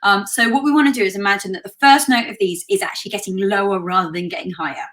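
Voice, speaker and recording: A woman vocal coach leading a live online singing warm-up in a relaxed, conversational way, breaking off to sing demonstration slides. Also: mid-range voice, fairly quick, loud music behind the voice. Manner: demonstrates exercises by singing slides between instructions.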